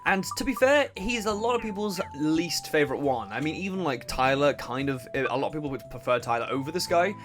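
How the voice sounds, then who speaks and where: A young man giving casual, swearing, laughing commentary on a game he plays, and he keeps clearing his throat. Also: a little high, expressive, brisk, hardly any pauses, over music. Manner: chatty, swearing, laughs a lot, self-interrupting. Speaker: let's play host.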